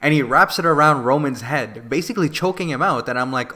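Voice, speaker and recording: A man co-hosting a podcast, retelling a wrestling event in an animated, casual way full of fillers. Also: mid-range voice, fairly quick, hardly any pauses. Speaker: podcast co-host. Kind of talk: casual wrestling review chat.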